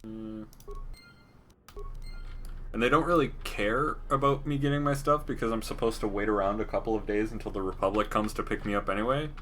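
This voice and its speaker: A man's voice: lowish voice, steady tone, fairly quick, fairly bright tone, slight background noise. A young man giving casual, joking game commentary as a streamer, laughing often. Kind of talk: casual let's-play commentary.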